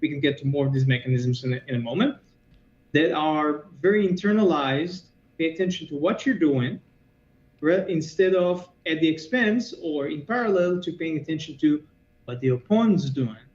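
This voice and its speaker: Quick-talking man, echoey dull call audio. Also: fairly high pitch, animated, a little mellow. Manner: quick, explanatory, storytelling with asides. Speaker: martial arts teacher, guest. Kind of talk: podcast interview.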